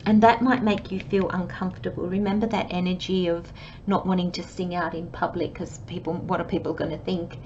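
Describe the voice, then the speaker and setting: A woman giving a channelled tarot reading, talking in a gentle, chatty way and acting out little imagined conversations. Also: lowish voice, little pitch movement, a little fast. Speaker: tarot reader. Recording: slightly dull, faint background hiss.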